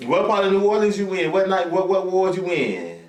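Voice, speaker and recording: A man's voice: sits high, sing-song, brisk, a little mellow. Sassy flamboyant man chatting on a live stream. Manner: flamboyant, sassy, calls everyone "girl". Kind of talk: casual live stream chat. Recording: echoey room, distant mic, faint hiss.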